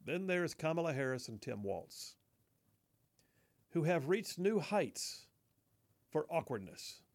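Gravelly-voiced talk radio host. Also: male voice, fairly high pitch, very animated, takes it slowly. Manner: mocking, folksy, says y'all often. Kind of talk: political talk radio commentary. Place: radio studio.

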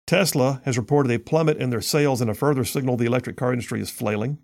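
A man hosts a political talk radio show with a gravelly, fry-laced voice. He reads news aloud and then breaks off into sarcastic, combative asides. His pitch sits in a middling register for a man. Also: quick pace, darkish tone.

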